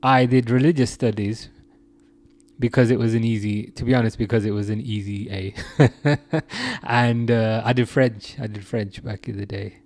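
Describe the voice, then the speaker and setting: A man's voice: fairly low pitch, steady tone, normal speed, darkish tone, dry recording. A young man from England hosting a casual live chat, reading out viewer comments, laughing often and restarting his sentences. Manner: chatty, laughs often, many restarts and fillers. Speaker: live stream host.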